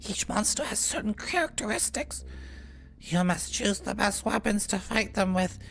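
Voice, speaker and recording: Give me a man putting on a high, sing-song fantasy shopkeeper. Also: expressive, normal speed, vocal fry, a bit bright, full character voice. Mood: salesy. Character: eager fantasy shopkeeper hawking gear.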